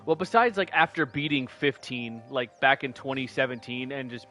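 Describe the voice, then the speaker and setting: Streamer: a man with rambling casual game commentary, soft game music behind him. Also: medium pitch, normal speed. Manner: chatty, rambling, many fillers and restarts. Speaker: gaming streamer. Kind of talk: casual let's-play commentary.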